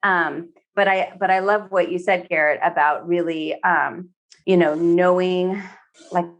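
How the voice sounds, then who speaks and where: A woman therapist talking in a relaxed podcast conversation, filling her speech with "you know" and slipping into quoted voices. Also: on the low side, unhurried, dull audio. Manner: chatty, many fillers, acts out quoted speech.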